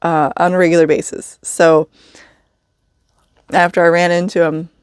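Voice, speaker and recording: A woman's voice: fairly low pitch, little pitch movement, normal speed, a little mellow, clear, resonant tone, no echo, clean studio sound. A woman telling a story in a casual vlog, chatty, with wry asides and frequent laughs. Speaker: vlogger living in a vehicle.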